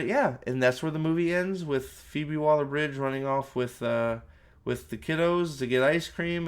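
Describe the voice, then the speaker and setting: Man, movie reviewer, ranting spoiler review, sarcastic, swears a lot, rambling, mid-pitched voice. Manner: profane, sarcastic, exasperated; rambling with restarts and fillers.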